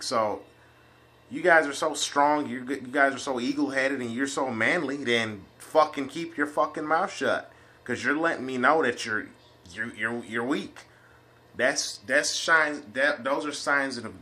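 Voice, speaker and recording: A man's voice: mid-range voice, pushed and bright. A man ranting at his enemies in a webcam vlog, confrontational and full of swearing. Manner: profane, confrontational, repetitive. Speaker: vlogger. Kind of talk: angry webcam rant.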